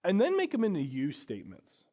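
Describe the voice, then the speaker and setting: A male pastor delivering a sermon in a conversational, everyday way. His voice sits a bit high for a man. He drops to hushed, quiet lines, then rises into emphatic, louder stretches. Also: wildly swooping pitch, a little fast. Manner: conversational preaching, swings between hushed and emphatic.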